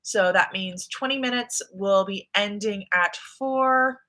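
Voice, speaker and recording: Taking it slowly in a medium-pitched voice, a young American woman hosts a casual reading livestream. She chats at ease and reads viewers' messages out loud in a relaxed, talkative way.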